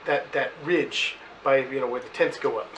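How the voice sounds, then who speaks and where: A man's voice: mid-range voice, moderate pace, fairly bright tone, lightly acted. A man playing a courteous, fussy adventurer who stammers and apologizes at a tabletop game. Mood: hesitant. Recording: noisy room.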